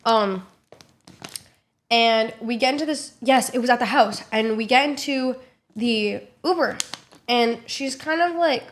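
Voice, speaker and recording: A young woman with a fairly high voice tells a trip story to her viewers in a loose, casual way. She swears freely and jumps into squeaky voices when she quotes people. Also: a little slow, slight background noise. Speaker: streamer vlogging a trip.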